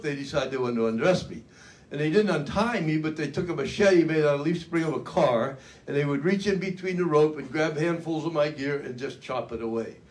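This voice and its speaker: Brief: older male speaker, fairly high voice, folksy dramatic storyteller, faint room hiss. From United States. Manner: folksy, dramatic, self-mocking humor. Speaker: keynote speaker. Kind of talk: storytelling speech. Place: luncheon event hall.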